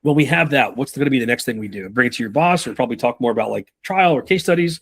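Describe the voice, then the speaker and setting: A man giving a live sales training talk to a room, casual and profane, acting out quick dialogues between reps, buyers and bosses. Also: mid-range voice. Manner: animated, profane, acts out buyer and rep dialogue.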